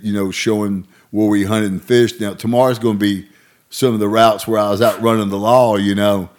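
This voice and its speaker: Guy telling old stories, gets loud and goes up high doing other people's voices. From Arkansas. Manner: animated, acts out voices in stories. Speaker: guest storyteller. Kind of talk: casual storytelling.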